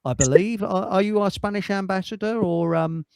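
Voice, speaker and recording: A man's voice: high-pitched, normal speed, vocal fry, darkish tone, rough recording. A man hosting a livestream chat show, rambling and cheeky, swearing and laughing at his own jokes. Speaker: livestream host. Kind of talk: casual chat.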